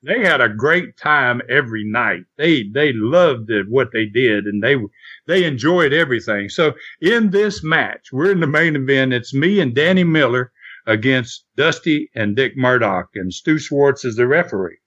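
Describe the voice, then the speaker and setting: A man's voice: medium pitch, expressive, normal speed, fairly bright tone. An older man and podcast guest telling a rambling wrestling-days anecdote, chuckling and restarting as he goes. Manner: rambling storyteller who chuckles and restarts often. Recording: lo-fi podcast audio.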